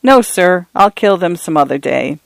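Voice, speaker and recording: Young farm boy, read by a man, eager, polite, fairly high voice, dry recording. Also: expressive, normal speed, vocal fry, dry recording. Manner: polite, eager, says sir.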